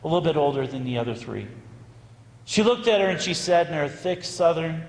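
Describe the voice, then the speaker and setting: A male priest preaches, spinning a story with lively, dramatic pauses. His fairly high voice rings out through a big hall, with a long, echoing reverb trailing behind each phrase. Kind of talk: sermon storytelling.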